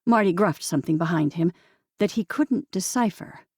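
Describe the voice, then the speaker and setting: A woman narrating an audiobook in a calm, steady storytelling manner. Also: on the low side, normal speed, slightly rough, dry recording, clean studio sound. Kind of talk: scripted narration.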